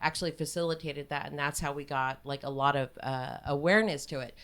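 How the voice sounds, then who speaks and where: Low-voiced businesslike woman guest. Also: fairly quick, a bit bright, smooth. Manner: businesslike, laughs between points. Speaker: film festival co-founder, guest. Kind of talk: casual interview talk.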